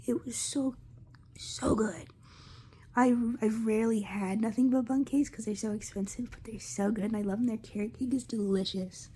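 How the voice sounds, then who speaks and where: A young woman candidly recounting a personal story in a halting, casual way, swearing freely. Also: on the high side, steady tone, warm tone, slightly rough. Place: Lancaster area.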